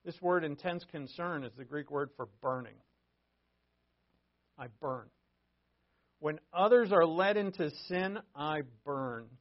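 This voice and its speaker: A man delivers a sermon that moves between scripture reading and relaxed, conversational explanation. His voice sits a little high. The recording sounds dull and lo-fi. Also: slow pace, pauses often. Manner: reads scripture aloud, then explains it conversationally with asides. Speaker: pastor. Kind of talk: verse-by-verse sermon.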